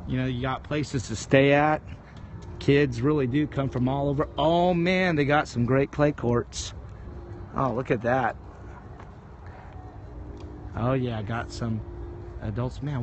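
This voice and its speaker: A man's voice: medium pitch, slight background noise. Chatty man on an outdoor phone stream. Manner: chatty, upbeat, rambling. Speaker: livestream vlogger. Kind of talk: casual walk-and-talk livestream. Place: outdoors at a tennis ranch.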